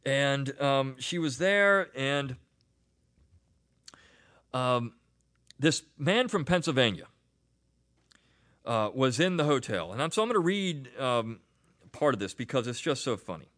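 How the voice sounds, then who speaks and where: A man's voice: mid-range voice, lively intonation, measured pace, pauses often, a bit bright. A middle-aged man hosting a podcast, talking through unscripted commentary in a chatty way, full of fillers and restarts. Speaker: podcast host.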